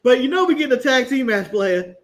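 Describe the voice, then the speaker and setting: A man's voice: very high-pitched, very animated, fairly quick, a bit bright. An American man co-hosting a casual wrestling talk show, laughing often and stammering through restarts. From United States. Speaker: podcast co-host.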